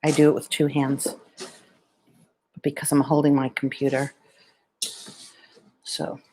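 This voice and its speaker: A woman chatting casually on a live stream at home, showing her pet lizard and talking softly about it, into a plugged-in microphone. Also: low voice, level tone, a little slow, a little hiss or hum. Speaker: vlogger.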